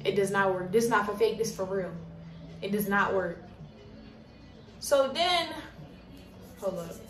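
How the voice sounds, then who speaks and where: A young woman working at a coffee shop tells a storytime in a blunt, animated and profane way. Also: medium pitch, a little slow, soft background music. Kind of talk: casual storytime. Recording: roomy, distant from mic, faint noise.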